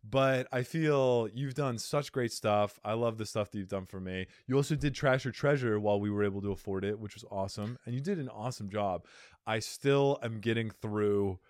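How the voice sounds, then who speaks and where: A man with a lowish voice hosts a relaxed comedy podcast, rambling into bits and laughing as he goes. The sound is dry and close, with no room around him. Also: normal speed, dry recording. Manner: jokey, rambling, laughs easily. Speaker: podcast host. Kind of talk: casual comedy podcast chat.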